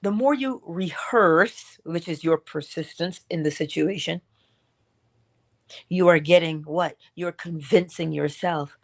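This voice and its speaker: A middle-aged woman hosting a morning inspiration talk, exhorting listeners with repetition and dramatic asides. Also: gravelly. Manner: expressive, swings between high acted asides and low soft remarks; repeats and exhorts, drawn-out emphasis. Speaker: host of a morning inspiration stream. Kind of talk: spiritual motivational talk.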